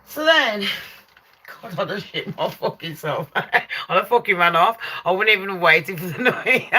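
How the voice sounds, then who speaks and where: A young woman telling a ghost story to her live chat, loud and sweary, laughing and shrieking as she goes. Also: medium pitch. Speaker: live stream host.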